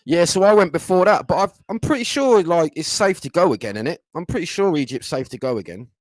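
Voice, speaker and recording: A man's voice: fairly high pitch, expressive, quick pace, no room sound. Sweary man chatting live. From England. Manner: blunt, swears a lot, loose storytelling. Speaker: livestream host. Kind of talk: casual livestream chat.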